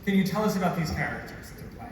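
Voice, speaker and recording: A man moderating a convention panel, asking the cast lively questions. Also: on the high side, fast, a little hiss or hum. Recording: echoey convention hall, far mic.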